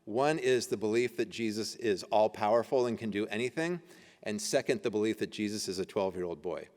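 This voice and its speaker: A man's voice: fairly low pitch, a little fast, darkish tone. Man lecturing in a church hall. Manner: conversational, laughing while reading old texts aloud. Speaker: adult education teacher. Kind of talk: church adult-education lecture. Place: church meeting room.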